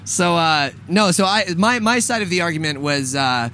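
A man's voice: on the high side, animated, normal speed, pushed and bright, slight background noise. A man co-hosting a casual talk show, rambling with lots of fillers and restarts and laughing often. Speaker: podcast co-host. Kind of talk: casual chat with banter.

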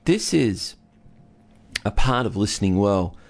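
Slow, gravelly man telling a story. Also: lowish voice, lively intonation. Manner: storytelling, acts out husband and wife. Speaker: relationship counsellor. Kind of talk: casual teaching talk with a co-host.

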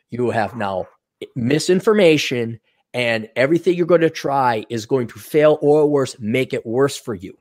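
A man's voice: mid-range voice, no echo, studio quality. A man co-hosting a casual podcast, telling stories and acting out quoted voices. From United States. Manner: animated, acts out quoted voices. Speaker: podcast co-host.

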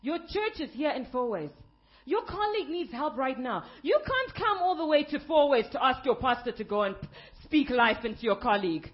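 Woman pastor, lively swooping sermon delivery, dull lo-fi recording. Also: sits high, moderate pace. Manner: emphatic preaching, building to shouted climaxes.

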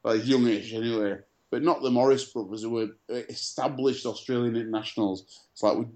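A man's voice: mid-range voice, steady tone, brisk, darkish tone. A man co-hosting a casual sports chat show, telling stories full of fillers and restarts. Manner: chatty storyteller, many fillers and restarts. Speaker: podcast co-host.

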